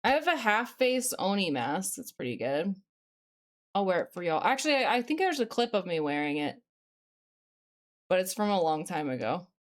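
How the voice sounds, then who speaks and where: A woman's voice: lowish voice, big pitch swings, moderate pace, pauses often. A woman streaming live, chatting casually and talking straight to her viewers at a home desk microphone. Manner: chatty, talks straight to viewers, reacts to chat.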